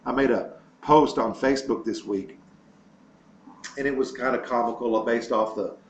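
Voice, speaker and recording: A man's voice: mid-range voice, normal speed. A man preaching an earnest sermon in an ordinary mid-range voice, leaning on repetition and little stories to make his point. The sound is roomy and a bit dull, with a faint hiss underneath. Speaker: pastor. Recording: echoey room with faint noise and dull sound.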